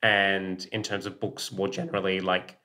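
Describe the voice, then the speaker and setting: An Australian man talking as a guest in a relaxed interview, his voice bright and forceful. He tells stories in an animated way, swears freely, and acts out what other people said. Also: deep voice, normal speed. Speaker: children's author, guest. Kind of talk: casual interview storytelling.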